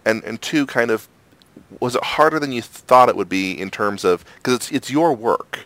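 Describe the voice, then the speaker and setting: A man's voice: medium pitch, animated, normal speed, fairly bright tone, no room sound. An American man co-hosting an interview, jokey, laughing often. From United States. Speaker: podcast co-host. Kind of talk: casual interview chat.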